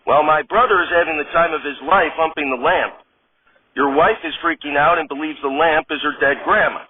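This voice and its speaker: A man voicing a scheming drug peddler with smooth, matter-of-fact sales patter. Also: on the high side, fairly quick, slight background noise, close to an everyday voice. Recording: tinny phone-like sound.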